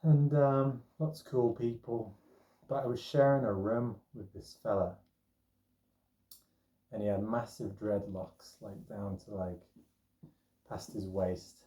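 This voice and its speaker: A man's voice: fairly low pitch, fairly even intonation, measured pace, pauses often, warm tone. Rambling young man telling a story in an echoey room. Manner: rambling, chatty, lots of fillers. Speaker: vlogger telling a personal story. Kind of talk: casual storytelling. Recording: echoey room, distant mic.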